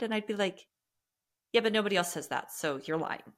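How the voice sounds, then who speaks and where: A woman hosting a podcast, chatting in an animated, warm-hearted way. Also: medium pitch, quick pace. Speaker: podcast host. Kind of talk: casual interview conversation.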